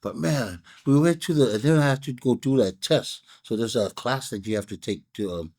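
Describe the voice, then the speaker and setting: A laid-back man with a Hawaiian pidgin accent reviews cigars and tells stories in a casual chat, rambling with many fillers and restarts. His voice is medium in pitch and darkish, at a normal speed.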